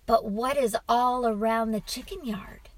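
A woman voicing a patient, gently teasing father who tells his son a bedtime story, in a storybook reading. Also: on the high side, a little slow.

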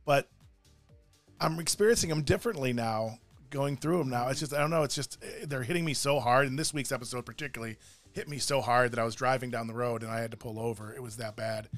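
A man's voice: medium pitch, quick pace, dry recording, faint music behind. Emotional man hosting a faith chat. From Irish heritage. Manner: emotional, rambling, self-interrupting. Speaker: podcast co-host. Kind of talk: casual chat. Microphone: studio mic with cough button.

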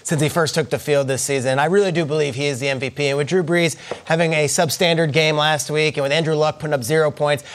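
A man breaking down football highlights on a morning show, earnestly pointing out angles and details. His voice sits notably high for a man. He keeps an even, explanatory delivery. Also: fast talker, few pauses. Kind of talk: sports highlight analysis.

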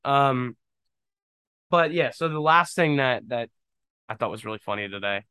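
A man's voice: medium pitch, lively intonation, moderate pace, sharp tone, smooth, no echo. A young man hosting his own podcast, rambling casually with jokes and lots of fillers. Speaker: podcast host. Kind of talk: casual solo podcast monologue.

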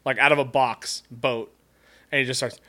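A man with a bright, forceful voice hosts a casual podcast. He tells a rambling, profanity-laced story and breaks into laughter often. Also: medium pitch, steady tone, normal speed. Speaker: podcast host.

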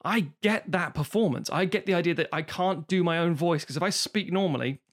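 A man hosting a podcast, talking casually and animatedly, swearing and slipping into quick impressions. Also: on the high side. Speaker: podcast host and web series creator.

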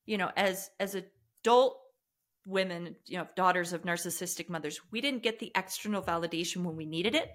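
A woman's voice: on the low side, brisk, a bit bright. A woman speaking as a podcast guest and trauma coach, earnest and reflective, often restarting her sentences in candid conversation.

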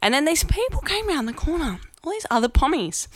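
A woman in her twenties with an Australian accent, hosting a podcast and telling stories in a blunt, chatty way with lively acted-out quotes. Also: high voice, fairly quick, dry recording. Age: 20s. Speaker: podcast host. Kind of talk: casual monologue.

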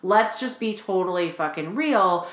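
A woman coaching clients, talking casually and frankly on a podcast, with lively storytelling and frequent swearing. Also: medium pitch, measured pace. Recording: roomy echo.

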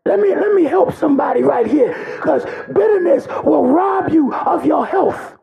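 A man preaching a sermon with great passion, his voice breaking into cries and shouts. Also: very high-pitched, animated, normal speed, gravelly, muffled recording, a crowd in the background.

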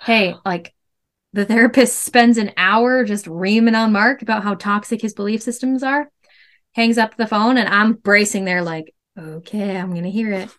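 As a podcast guest, a woman in her thirties tells her own story in a candid, animated, emphatic way, filling it with "like." Her voice is mid-range and her pace moderate.

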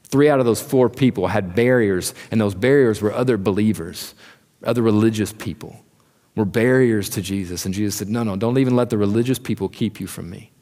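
Earnest pastor preaching in a reverberant hall. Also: male voice, lowish voice, brisk, mellow. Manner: earnest, asks the congregation direct questions. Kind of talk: sermon. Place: church hall. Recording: church sermon with long hall reverb.

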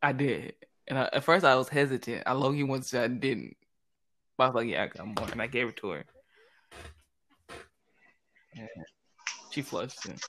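Young man telling a story with animated quotes. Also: mid-range voice, fairly quick. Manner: animated storytelling, acts out quotes, lots of "I'm like". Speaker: storyteller among friends. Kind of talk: casual chat.

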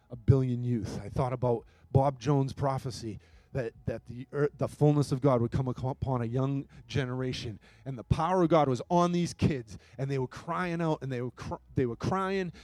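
A man preaching a sermon and telling a story, his voice swinging between hushed moments and loud, emphatic bursts. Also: medium pitch, no echo. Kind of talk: sermon testimony.

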